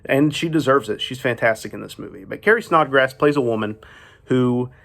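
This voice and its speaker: A man's voice: mid-range voice, a little fast, vocal fry, a bit bright. Chatty, opinionated male show host. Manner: chatty, opinionated, laughs through asides. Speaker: film review show host. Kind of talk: solo presenting to camera.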